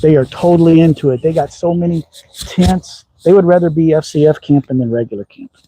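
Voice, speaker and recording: A man's voice: fairly high pitch, fairly quick, dark tone, slight background noise, poor audio. A middle-aged man from Texas with a slight Southern accent, chatting casually and folksily on a livestream from his backyard shooting range. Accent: slight Southern with a touch of upper Midwest. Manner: folksy and rambling, with frequent ums. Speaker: slingshot channel host.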